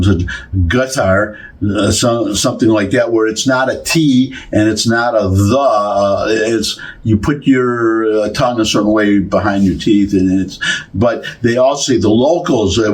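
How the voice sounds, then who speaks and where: A man casually explaining a word's pronunciation to his viewers, talking in a halting way with many restarts and fillers. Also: lowish voice. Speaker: YouTube commentator. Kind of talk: casual rambling explanation to camera.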